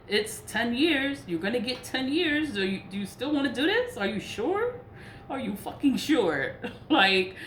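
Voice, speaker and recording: A woman spiritual practitioner in a casual vlog rant, blunt and profane, laughing between points. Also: on the high side. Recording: echoey room with faint noise.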